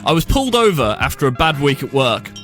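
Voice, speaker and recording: A man's voice: mid-range voice, big pitch swings, quick pace, a bit bright, faint music behind. A man co-hosting a comedy radio show, reading out listener posts and laughing along. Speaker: radio co-host.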